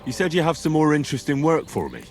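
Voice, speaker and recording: An actor playing an earnest, dry-witted young hired hand in a video game. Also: male voice, on the high side, huge pitch swings, quick pace, a little mellow. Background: game music.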